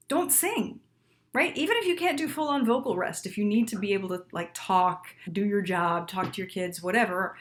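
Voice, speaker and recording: Speaking at medium pitch, a woman in her thirties teaches singers in a casual video lesson. She's emphatic and lively and often checks in with listeners by saying "right?".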